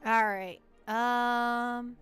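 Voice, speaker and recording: A woman's voice: a little high, steady tone, drawn-out words, fairly bright tone, faint music behind. A woman from the United States chatting playfully and teasingly while livestreaming a game, often repeating words as she goes. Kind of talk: casual gameplay livestream chat.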